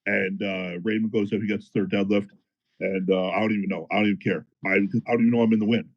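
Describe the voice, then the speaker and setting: A man telling a story in a casual podcast chat, animated and profane, as a powerlifter guest. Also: on the low side, fast, vocal fry, dull audio. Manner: animated, profane, fired-up retelling.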